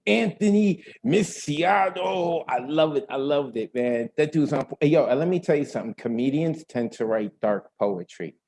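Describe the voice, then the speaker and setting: A man hosting an online open mic over a video call, chatting in an energetic, slangy way. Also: medium pitch, fairly quick, hardly any pauses, a little hiss or hum. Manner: energetic, slangy, talks to the audience directly. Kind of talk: casual hosting banter.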